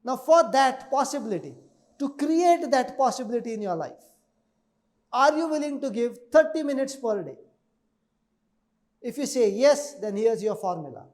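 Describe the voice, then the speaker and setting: A man's voice: very high-pitched, a little mellow. A man who trains people in speed reading, giving an emphatic webinar lecture that repeats key numbers and keeps asking listeners to agree.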